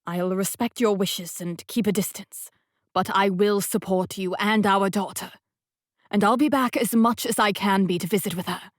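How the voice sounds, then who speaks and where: A woman reading the part of a devoted grown man, a once-grumpy boss who now speaks slowly and gently, like a storybook romantic lead. Her voice sits in the middle of a woman's range, close and dry with no room sound around it. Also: mid-range voice, steady tone, no echo, natural voice. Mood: tender. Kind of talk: audiobook dialogue reading.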